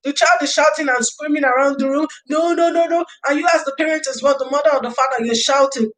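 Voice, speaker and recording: A woman hosts a casual livestream about early years parenting. Her voice sits high. She reads out viewer comments, thanks people by name, and gives earnest advice in which she repeats her key phrases. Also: steady tone, fast talker, fairly bright tone, rough recording. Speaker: livestream host.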